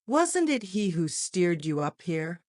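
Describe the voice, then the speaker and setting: A woman reading the part of an excitable army colonel, speaking in a clipped, brisk manner. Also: lowish voice, no room sound, clean studio sound. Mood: eager.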